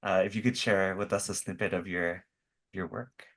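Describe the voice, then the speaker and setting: A male host guides a virtual conversation over a video call. He talks in a halting way, full of fillers and restarts. His voice sits fairly low. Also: steady tone, a bit bright. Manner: hesitant, many fillers and restarts. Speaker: podcast host.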